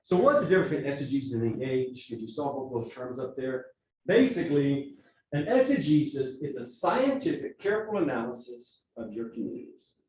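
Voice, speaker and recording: A man with a Texas accent teaches a church workshop in a casual, conversational way, his pitch rising and falling a lot. He sounds set back from the microphone in an echoey meeting room, with a faint hum of ambience behind him. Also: brisk, recorded from a distance. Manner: conversational, with lively asides and acted-out quotes. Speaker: evangelism trainer.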